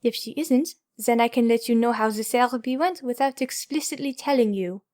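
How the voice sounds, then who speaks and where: A firm female therapist holding her ground, read by a woman narrator in an audiobook. Her replies are clipped and guarded, in a slightly high voice. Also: brisk, a little mellow, natural voice.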